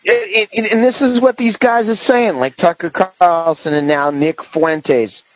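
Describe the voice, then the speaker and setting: A man's voice: high voice, fairly even intonation, a little slow, no room sound, poor audio. A man hosting a podcast in casual political chat, rambling with many restarts and fillers. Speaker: podcast host.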